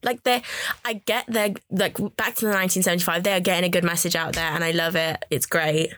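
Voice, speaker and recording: A woman's voice: on the low side, fast talker, no room sound, studio quality. A nineteen-year-old woman from Birmingham with a Birmingham accent, chatting casually as a podcast co-host, rambling with lots of "like". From Birmingham, England. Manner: rambling, lots of "like", animated ranting. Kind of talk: casual chat.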